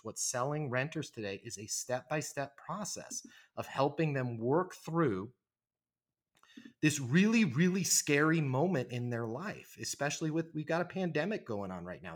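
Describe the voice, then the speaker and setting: A sales trainer in his forties appears as a guest in a conversational podcast interview, speaking emphatically and persuasively and often tacking "right?" onto his points. His voice is medium-pitched with a fairly bright tone.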